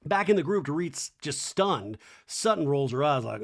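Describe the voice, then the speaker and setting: A podcaster giving a sarcastic, animated comic recap of a show, with laughing asides. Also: mid-range voice, normal speed, gravelly.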